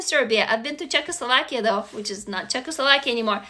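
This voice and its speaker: Bright-voiced excitable Russian-born woman streaming. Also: a little high, fast, hardly any pauses. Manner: excited shout-outs to viewers; swearing, frank and animated. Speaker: livestream host and writing teacher. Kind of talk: casual live-stream chat.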